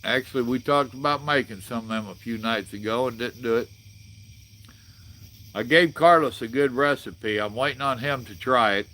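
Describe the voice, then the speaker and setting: A man's voice: mid-range voice, moderate pace, sharp tone. A man, hosting a casual live chat and reading viewer comments in a blunt, folksy way. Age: 60s. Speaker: livestream host.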